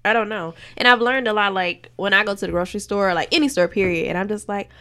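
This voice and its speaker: A woman chatting casually with a friend, polite and quick to laugh. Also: mid-range voice, pushed and bright. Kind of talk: casual chat.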